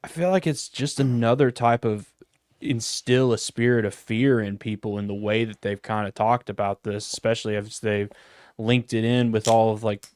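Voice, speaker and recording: A man's voice: fairly low pitch, fairly even intonation, moderate pace, a little mellow, no room sound. Rambling, laid-back male co-host. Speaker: podcast co-host. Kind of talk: casual live-stream chat.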